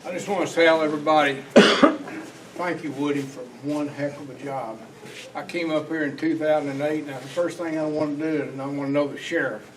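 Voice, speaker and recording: A man's voice: a little high, steady tone, brisk. A man giving a short, plainspoken and earnest impromptu thank-you at an awards dinner. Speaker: guest speaking at an awards dinner. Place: banquet hall. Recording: distant mic with noise in a hall.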